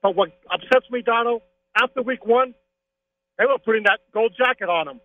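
A man calling into a sports talk show, speaking casually and arguing his opinions with excitement. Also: extremely high pitch, normal speed. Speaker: caller. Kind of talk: casual call-in chat. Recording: tinny phone line.

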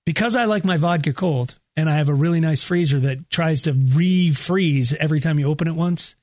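A man co-hosting a radio show, telling a story in an animated way, laughing and doing voices as he goes. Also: on the high side, a little fast. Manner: animated, laughing, does voices in his stories. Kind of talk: casual radio banter, storytelling.

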